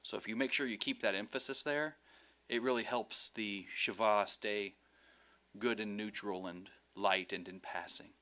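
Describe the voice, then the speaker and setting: A man's voice: fairly low pitch, steady tone, normal speed, sharp tone. A man teaching a Hebrew class, patient and explaining with examples and light jokes. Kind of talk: online class instruction.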